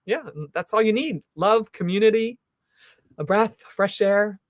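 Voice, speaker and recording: A woman's voice: medium pitch, a little slow, dry recording. Effusive woman hosting a talk show. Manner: effusive, rambling and encouraging. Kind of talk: live talk show interview.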